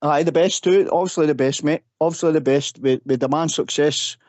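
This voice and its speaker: A man's voice: a little high, brisk, a little mellow, no room sound. A man co-hosting a radio phone-in, talking enthusiastically and ending nearly every sentence with "mate". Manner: enthusiastic, says "mate" constantly. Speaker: co-host. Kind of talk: casual radio chat.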